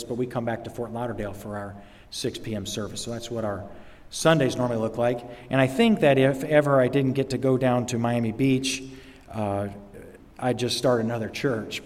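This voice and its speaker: Chatty pastor in a reverberant church. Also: male voice, medium pitch, a little mellow. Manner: chatty, halting, many fillers. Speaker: visiting pastor. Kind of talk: informal talk from the pulpit. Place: church sanctuary. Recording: long reverb in a church hall.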